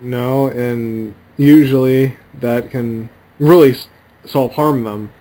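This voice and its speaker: A man co-hosting a podcast, asking questions in a halting way with many fillers. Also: medium pitch, fairly even intonation, mellow, rough recording. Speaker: podcast co-host. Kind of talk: casual chat.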